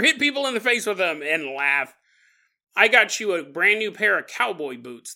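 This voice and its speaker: Bright-voiced joking podcast host, a man. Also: high voice. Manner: jokey, rambling asides with mock voices. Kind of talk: comedic paranormal podcast storytelling.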